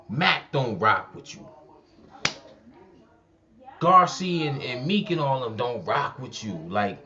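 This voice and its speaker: A man's voice: mid-range voice, a bit bright, muffled recording. A man hosting a commentary channel, talking bluntly and heatedly about a local rap feud. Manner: blunt, heated street talk. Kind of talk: casual commentary.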